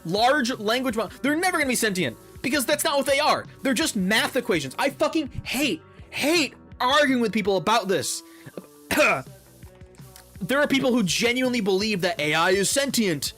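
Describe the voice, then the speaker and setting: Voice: medium pitch, animated, moderate pace, a bit bright, faint music behind. Profane ranting gaming commentator. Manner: heated, profane ranting with repeated words. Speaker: gaming YouTuber.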